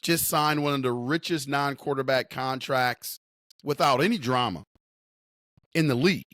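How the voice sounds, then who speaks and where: A man's voice: medium pitch, moderate pace, a bit bright, no room sound, studio quality. A man hosting a sports talk show, speaking with emphatic, repetitive hometown enthusiasm. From Upper Midwest. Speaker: sports podcast host.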